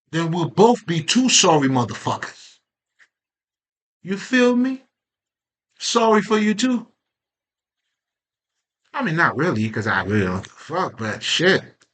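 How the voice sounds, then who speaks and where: Emphatic, bright-voiced man venting. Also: fairly high pitch, big pitch swings, unhurried, long pauses. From Haitian background. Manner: emphatic, swearing, rhetorical questions. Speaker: self-growth vlogger. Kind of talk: casual spoken monologue.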